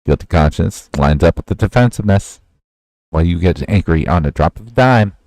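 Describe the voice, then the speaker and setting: A man hosting a livestream, casually reacting to clips with a slow, lecturing manner. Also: sits low, lively intonation, a little mellow, no room sound. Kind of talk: casual reaction stream chat.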